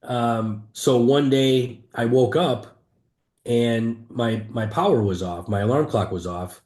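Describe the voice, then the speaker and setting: Man, middle pitch, earnest first-person storytelling, roomy echo on the recording. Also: slow, a little mellow. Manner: earnest, emphatic, vivid retelling with frequent restarts. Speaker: entrepreneur guest. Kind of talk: candid personal storytelling in an interview.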